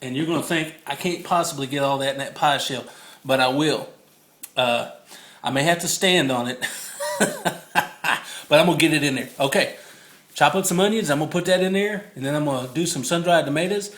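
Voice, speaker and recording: Man, fairly high voice, jokey home cooking chat, phone mic in an echoey kitchen. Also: fairly quick, fairly bright tone. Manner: chatty, jokey, laughs often. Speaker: home cook filming a recipe video. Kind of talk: casual cooking demo.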